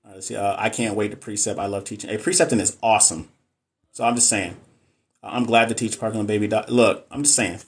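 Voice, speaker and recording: A man's voice: on the low side, fairly even intonation, fast talker. Chatty man on a live stream. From Texas. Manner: chatty, jokey, reads and answers viewer comments. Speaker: nurse educator hosting a live stream. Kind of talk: casual live-stream chat.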